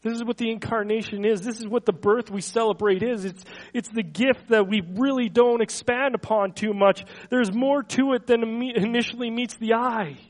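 A man with a high-pitched voice delivers a sermon. He slows down and lifts his voice when reading scripture, then trails off softly at the ends of thoughts. Between quotes he stumbles and repeats small words. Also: poor audio. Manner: earnest, slows and swells on scripture quotes, soft trailing endings. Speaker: pastor.

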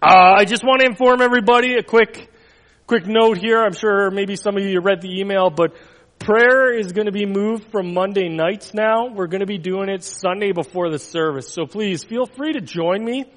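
In a church, a male pastor with a high-pitched voice reads a children's story and then moves on to church announcements. He tells it expressively, with dramatic pauses and sudden drops to a near whisper, while a long reverb carries his words around the hall.

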